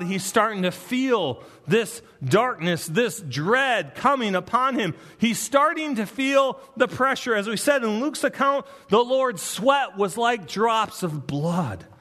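A man preaching an expository sermon, earnest and emphatic, with dramatic pauses. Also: high voice, a bit bright, in a large hall. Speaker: pastor.

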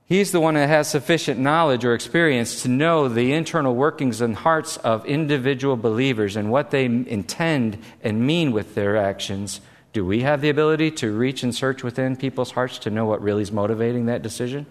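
A man preaching a sermon, telling stories and acting out quotes with lively, animated delivery. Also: mid-range voice, a little fast. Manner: animated storytelling with acted quotes. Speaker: pastor. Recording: echoey hall.

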